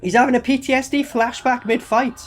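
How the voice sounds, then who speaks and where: A man's voice: very high-pitched, fairly even intonation, fairly quick, over music. A man reviewing a movie in sarcastic, mocking commentary full of swearing. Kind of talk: profane commentary over film clips.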